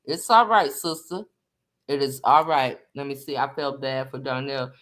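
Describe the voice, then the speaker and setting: A woman hosting a casual live chat, animated and slangy, greeting viewers by name as she talks. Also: very deep voice, normal speed. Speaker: livestream host.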